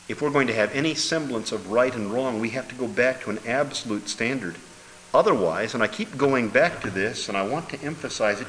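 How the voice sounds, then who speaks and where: A man preaching a sermon with emphatic delivery, dropping low and then bursting into loud exclamations. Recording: hall reverb with faint noise.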